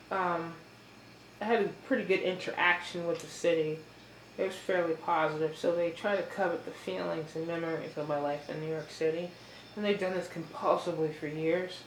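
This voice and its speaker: A woman talking in a casual, halting monologue full of fillers, chewing as she speaks. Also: on the low side. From United States. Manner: rambling, halting, with many fillers. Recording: echoey room with faint noise.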